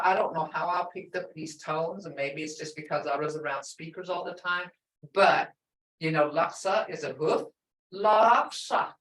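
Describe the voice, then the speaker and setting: A middle-aged woman teaching a language class, patiently repeating words slowly so the tones can be heard. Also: mid-range voice, a bit bright, distant mic. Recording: echoey room, voice off-mic.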